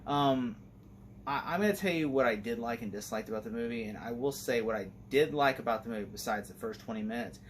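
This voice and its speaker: Man, mid-pitched voice, casual rambling review, enthusiastic, lots of fillers, faint background hiss. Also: fast talker. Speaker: movie reviewer.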